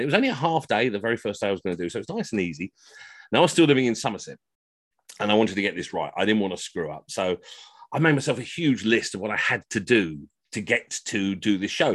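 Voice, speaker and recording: A man's voice: fairly low pitch, no room sound. A middle-aged man and costumed history entertainer, telling rambling, self-mocking comic stories over a video call from home.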